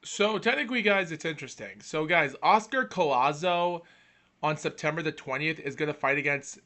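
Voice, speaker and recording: A man's voice: on the high side, animated, moderate pace, bright, forceful tone. A man hosting a casual boxing podcast, rambling with restarts and fillers, exasperated when his camera freezes. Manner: exasperated, calls out hello over and over. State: catching his breath. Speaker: podcast host.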